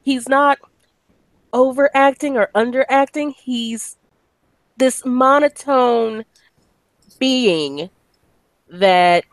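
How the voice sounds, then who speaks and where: Expressive female co-host, amused, mid-pitched, recorded dry and close. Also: drawn-out words, long pauses, no room sound. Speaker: podcast co-host. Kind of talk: casual chat.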